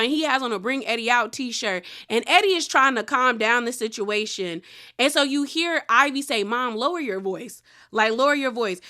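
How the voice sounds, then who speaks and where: Woman dishing on a reality show, bright sharp voice, kinda high, acts out everybody's lines. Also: normal speed. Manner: animated retelling, acting out quotes. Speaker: reality TV recap host. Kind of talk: casual recap commentary.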